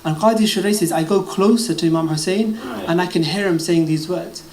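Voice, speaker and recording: A man's voice: high-pitched, fairly quick, darkish tone. A man with a British accent preaching a sermon, quoting Arabic narrations and translating them into English. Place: mosque gathering hall. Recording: echoey hall with faint ambient noise.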